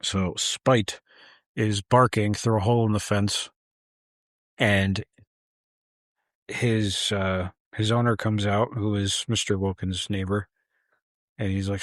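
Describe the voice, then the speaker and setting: Low-voiced man recapping a film. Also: takes it slowly, long pauses, no echo. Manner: animated retelling with acted-out quotes. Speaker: podcast co-host. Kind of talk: casual film recap chat.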